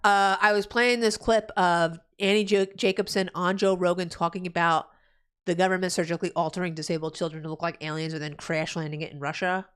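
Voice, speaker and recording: A woman's voice: fairly even intonation, brisk, clear, resonant tone. A young woman from New Jersey streaming live, chatting casually and ranting with heavy swearing. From New Jersey, USA. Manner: profane ranting, loud swings in pitch. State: pregnant.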